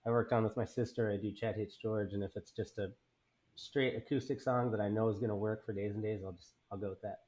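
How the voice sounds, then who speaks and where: A man from Houston, Texas, a musician guesting on a podcast, answering in a relaxed, easygoing way. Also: fairly low pitch, fast. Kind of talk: casual interview answers.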